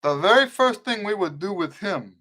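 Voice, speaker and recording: A middle-aged man with a somewhat high voice and a mixed American accent rooted in Western Pennsylvania. He hosts a casual live trumpet Q&A in a rambling way, often breaking off and rewording his sentences. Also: lively intonation, normal speed, sharp tone. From eastern United States. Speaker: trumpet teacher and show host.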